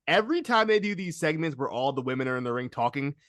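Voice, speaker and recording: A man hosting a casual wrestling podcast, talking in an animated way, laughing often and restarting his sentences. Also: a little high, fast talker, no echo, clean studio sound. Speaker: podcast host.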